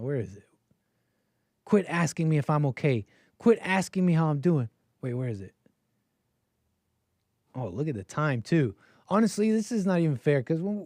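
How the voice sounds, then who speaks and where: A man's voice: mid-range voice, warm tone, no echo. Guy hosting a call-in stream, rambly and laughy, dry close sound. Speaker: call-in show host. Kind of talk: casual livestream chat.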